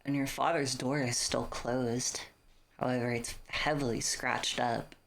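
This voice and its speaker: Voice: mid-range voice, little pitch movement, unhurried, gravelly, a bit bright. A streamer running a tabletop horror game as game master, casually narrating the scene and swearing freely. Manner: casual, swears freely, stops to thank viewers.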